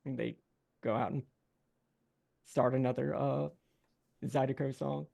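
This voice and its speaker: A man narrating as game master in a rambling, halting way with many fillers. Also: medium pitch, fairly even intonation, creaky, darkish tone.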